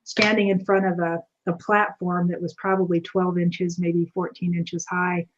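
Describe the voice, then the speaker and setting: A woman guest telling a personal story in an animated way, acting out the dialogue as she goes. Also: lowish voice, normal speed, dull audio. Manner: animated, acts out quoted dialogue. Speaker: returning guest.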